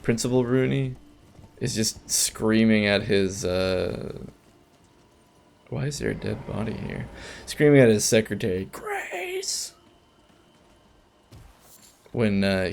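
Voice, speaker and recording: A man's voice: lowish voice, fairly even intonation, unhurried, creaky, darkish tone. A man giving casual, rambling commentary while playing a video game, with chatty asides and frequent restarts. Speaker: let's play gamer.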